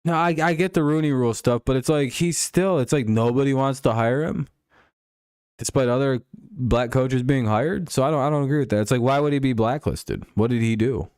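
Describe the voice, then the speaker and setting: Man, casual sports chat, rambling jokey host, smooth voice, dry close sound. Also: mid-range voice, brisk, a little mellow, no echo. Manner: rambling, joking, crude. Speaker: streamer host.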